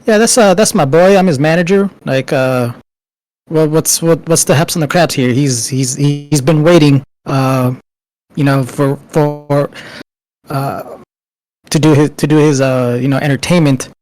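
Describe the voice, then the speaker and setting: A man's voice: a little high, measured pace, a little mellow, lightly acted, rough recording. A man playing a brash, stammering manager. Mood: pushy. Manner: pushy, stammering, slangy. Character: brash male talent manager, street-slangy.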